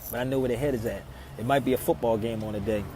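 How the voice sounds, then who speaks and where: A man's voice: medium pitch, fairly even intonation, racing, noisy background. Preachy man streaming outdoors. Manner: preachy, rhetorical questions, swings loud and soft. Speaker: live stream host. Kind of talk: casual live stream talk, answering viewer comments. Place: outdoors in a city neighborhood.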